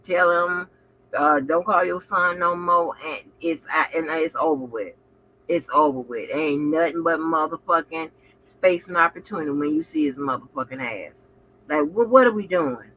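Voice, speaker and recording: A woman hosting a reaction commentary channel, profane and animated, talking back at the clips she plays. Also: deep voice. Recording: muffled with faint background noise.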